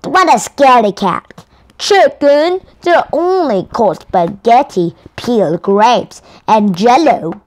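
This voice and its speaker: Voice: mid-range voice, animated, takes it slowly, a little mellow, pitched above the performer's own voice. A woman reading the lines of a boastful schoolboy, taunting his friends, from a picture book. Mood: teasing.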